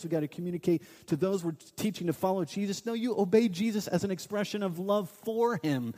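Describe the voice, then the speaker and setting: A man in his thirties preaching a sermon as a pastor, earnest and quick to act out the voices of people in his stories. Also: on the high side, warm tone. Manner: earnest, acts out quoted voices in his storytelling. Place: church sanctuary. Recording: long hall reverb.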